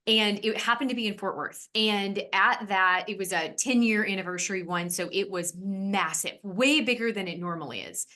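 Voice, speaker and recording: A woman podcast host telling a heartfelt personal story in an earnest, emotional way, rushing ahead in quick bursts. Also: mid-range voice, bright, forceful tone.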